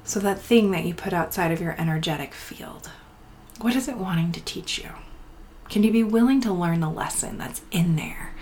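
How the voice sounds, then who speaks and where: A woman in her thirties hosting a spiritual healing podcast, talking softly and often dropping to a whisper, with blunt swearing mixed in. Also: lowish voice, normal speed, a little hiss or hum. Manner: soft, breathy delivery slipping into whispers, blunt swearing. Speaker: podcast host and healing coach. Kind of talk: intimate spiritual podcast talk.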